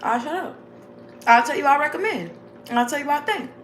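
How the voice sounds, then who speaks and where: Here a woman vlogger talks quickly and expressively, her voice sitting high, as she rambles through a chatty motivational message. Frequent laughter and calling her audience "y'all" and "babes" keep it casual. Faint background noise and echo fill the room.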